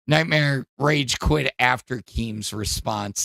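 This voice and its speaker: Slow gravelly-voiced male podcast host. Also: mid-range voice, sing-song, sharp tone, no room sound. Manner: rambling, hesitant, many fillers. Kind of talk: casual commentary.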